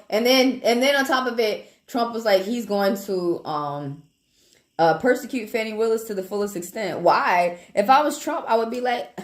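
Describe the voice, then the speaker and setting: A woman, a live tarot reader chatting casually with viewers in a blunt, profane, animated way. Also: mid-range voice. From Atlanta, Georgia, US South. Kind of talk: casual livestream chat with viewers. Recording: echoey room with background music.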